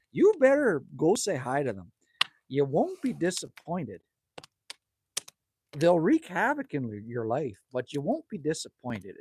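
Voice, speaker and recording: A man's voice: on the high side, slight background noise. A man in his fifties from Canada, hosting a casual livestream at his cabin and bantering crudely with chat. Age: 50s. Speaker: livestream host. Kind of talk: casual live chat reading viewer comments. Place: outdoors at a cabin by a campfire.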